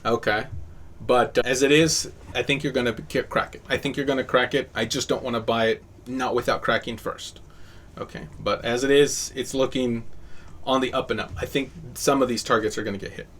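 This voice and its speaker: Male host, casual chart-analysis chat, mid-pitched, easygoing delivery. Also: fairly even intonation, a little fast, fairly bright tone, slight background noise. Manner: casual, upbeat, talks through charts. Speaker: host of a crypto chart show.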